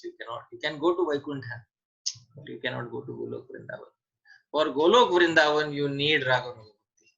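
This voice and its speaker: A man's voice: mid-range voice, vocal fry, a bit bright, highs cut off. A man teaching a scripture seminar online, answering questions and repeating key points with emphasis.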